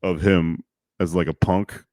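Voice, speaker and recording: Animated man spinning a history yarn. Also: sits low, measured pace, dry recording, clean studio sound. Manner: animated, profane, acts out shouted quotes. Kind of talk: casual storytelling chat.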